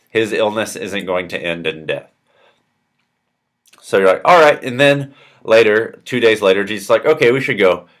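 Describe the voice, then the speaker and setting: Young guy youth pastor, deep voice, telling a bible story all loose and chatty, lots of like and right. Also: fairly bright tone. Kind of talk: casual Bible story retelling to kids.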